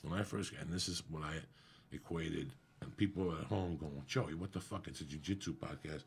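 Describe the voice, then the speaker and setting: A middle-aged man, a comedian guest, telling a profane, animated story in casual podcast chat. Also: a bass voice, moderate pace, a little hiss or hum. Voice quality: gravelly, husky.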